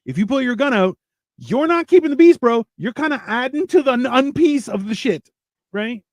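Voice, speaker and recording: A man's voice: extremely high pitch, very animated, normal speed, no room sound, clean studio sound. Blunt, swearing man on a podcast. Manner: blunt, swears, talks with emphatic repetition. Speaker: host. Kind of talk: casual podcast chat.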